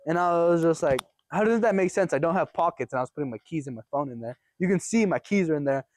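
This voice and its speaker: A young man casually telling a story on his vlog in an animated way, swearing often and laughing as he goes. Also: fairly high pitch, fast talker, slight background noise. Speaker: vlogger.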